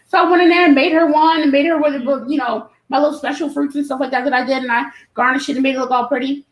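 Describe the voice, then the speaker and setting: A woman guest, an event promoter, telling an animated story with laughter. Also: high voice, quick pace, few pauses. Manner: animated, laughing, acts out quotes. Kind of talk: casual storytelling. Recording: roomy echo.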